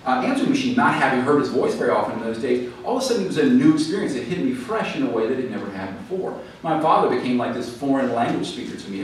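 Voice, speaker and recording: Guy telling stories at a lecture, lots of uhs, sounds distant in a roomy hall. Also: mid-range voice. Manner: chatty storytelling with frequent fillers and restarts. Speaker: author giving a talk. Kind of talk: lecture to a live audience. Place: library event hall. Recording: echoey hall, mic at a distance, faint noise.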